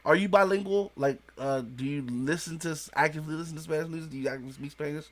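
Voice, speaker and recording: A man's voice: a little high, quick pace. A man hosting a podcast interview in casual chat, often restarting sentences and repeating "you know what I'm saying". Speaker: podcast host.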